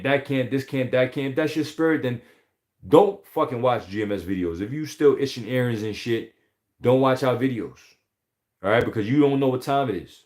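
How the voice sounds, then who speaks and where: A man giving an informal scripture teaching, emphatic and profane, often pausing to ask "all right?". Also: medium pitch, a little mellow. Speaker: religious teacher.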